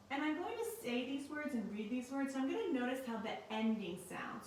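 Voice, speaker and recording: A woman teacher giving a recorded lesson in a slow, clear and patient way. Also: on the high side, slight background noise. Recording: very echoey room, mic at a distance.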